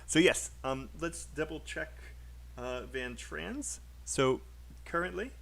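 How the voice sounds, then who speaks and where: A man's voice: on the high side, lively intonation, slow, vocal fry, fairly bright tone. A British man who teaches English in a live online class, upbeat and explaining, modelling sentences aloud for his students.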